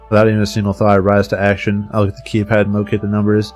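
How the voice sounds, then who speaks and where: Streamer: man, lowish voice, dramatic visual novel read-aloud, faint music behind. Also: completely flat delivery, racing, few pauses, darkish tone. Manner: dramatic reading with casual swearing asides.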